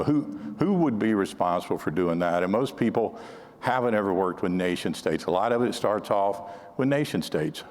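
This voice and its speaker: An older man with a mid-range, slightly mellow voice tells counterintelligence anecdotes at a conference, conversationally and often restarting his sentences. It's a storytelling talk to an audience, with a big-room sound.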